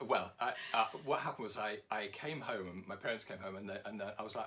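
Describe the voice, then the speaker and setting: A man's voice: on the low side, fast talker, hardly any pauses, bright, forceful tone. A man in a comedy double act telling a rambling, jokey story in an easygoing way. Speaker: comedy performer and duo partner. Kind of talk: casual stage chat.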